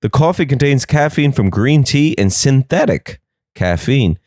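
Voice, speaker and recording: A man's voice: medium pitch, expressive, measured pace, a little mellow, dry recording, clean studio sound. A young man hosting a comedy podcast, riffing sarcastically on the news and slipping into silly voices.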